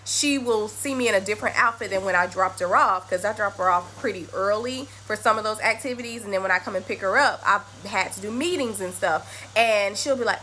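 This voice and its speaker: A woman's voice: mid-range voice, a little fast, hardly any pauses, pushed and bright, a little hiss or hum. A young woman, a mother chatting casually to camera and acting out her small daughter's lines. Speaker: mother and astrology vlogger.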